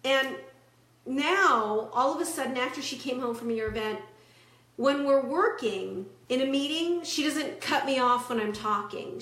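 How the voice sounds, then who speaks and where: A woman's voice: fairly high pitch, roomy sound. A woman relationship coach giving a motivational talk, telling client stories and acting out their words. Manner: storytelling, animated quoting of clients.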